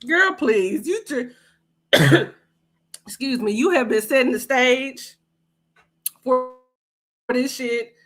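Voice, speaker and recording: A woman's voice: high-pitched, expressive, takes it slowly, pauses often, a bit bright. A woman hosting a livestream podcast, giving blunt, sassy commentary that is full of profanity. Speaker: podcast host.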